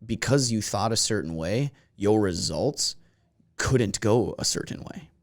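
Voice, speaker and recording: A man's voice: lowish voice, unhurried, dry recording, studio quality. A man with a Minnesotan accent in casual podcast chat, telling stories and laughing often. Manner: animated storyteller, laughs often. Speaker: podcast guest.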